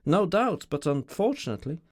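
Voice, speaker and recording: A man reading an audiobook, voicing a troubled, formal middle-aged gentleman in a raised, strained voice. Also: on the high side, sing-song, fairly quick, voice pushed up.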